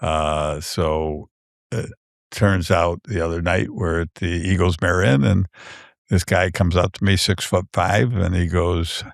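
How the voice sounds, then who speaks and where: A man's voice: low voice, steady tone, unhurried, vocal fry, dry recording. A man, a book author, chatting as a guest in a podcast studio, telling stories with many fillers and restarts. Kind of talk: casual podcast chat.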